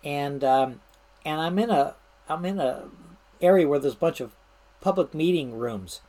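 In a low voice at an ordinary pace, this retired fire service manager, a middle-aged woman, swaps old stories from the job in a relaxed, chatty way. Amusement runs through it, with laughter breaking in and plenty of restarts.

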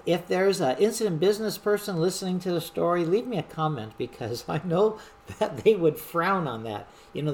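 A middle-aged woman, a wildland fire supervisor, telling a story from a fire camp in a lively, animated way. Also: on the low side, a little hiss or hum. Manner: animated storyteller who acts out shouted quotes. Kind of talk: storytelling monologue.

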